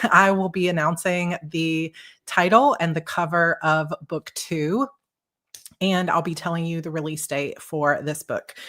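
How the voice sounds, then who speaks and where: A woman author chatting with her audience, bubbly and excitable with quick restarts, then reading her own novel aloud live. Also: sits low.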